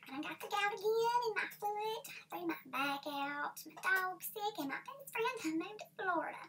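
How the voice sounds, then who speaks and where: A woman's voice: extremely high pitch, expressive, a bit bright, distant mic, a little hiss or hum, voice pushed up. A woman putting on a whiny self-pitying aunt. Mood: mournful. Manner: drawling, slow and mournful.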